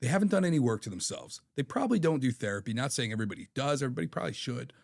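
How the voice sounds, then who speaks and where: A man's voice: mid-range voice, expressive, very fast, gravelly, a little mellow. A man in his thirties, a podcast guest telling stories in a candid, profane way. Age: 30s. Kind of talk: casual chat.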